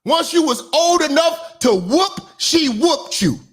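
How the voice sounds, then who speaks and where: A man with a very high, bright, forceful voice delivers a profane commentary monologue. He preaches with emphasis and often pushes up into shouts to drive his points home. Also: animated, slow. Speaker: online commentator and minister.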